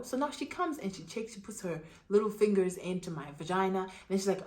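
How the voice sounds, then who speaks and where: A woman's voice: mid-range voice, expressive, quick pace, background noise. Young woman, storytime vlog, dramatic retelling, casual slang. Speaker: vlogger.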